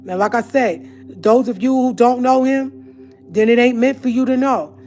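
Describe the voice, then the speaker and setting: A woman's voice: fairly high pitch, measured pace, a little mellow, soft background music. A woman hosting her own channel, ranting in a heated, confrontational monologue to her viewers. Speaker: channel host. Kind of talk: ranting live-stream monologue.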